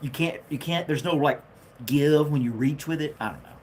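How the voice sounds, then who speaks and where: A man's voice: fairly high pitch, moderate pace, slight background noise. A man hosting a casual home livestream, chatting with viewers and reading their comments, with a jokey manner and a habit of laughing at his own jokes. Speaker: livestream host.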